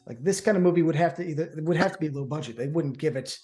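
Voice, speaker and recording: A man's voice: fairly high pitch, racing, mellow, soft background music. A man co-hosting a casual movie talk show, enthusiastic and rambling, often repeating words and saying "man". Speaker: co-host. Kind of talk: casual chat.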